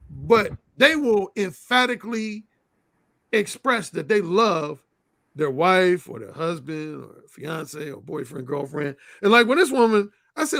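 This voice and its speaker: Blunt guy telling stories frankly, highish voice, dry close sound. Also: fairly bright tone, no echo. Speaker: interview guest. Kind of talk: casual interview storytelling.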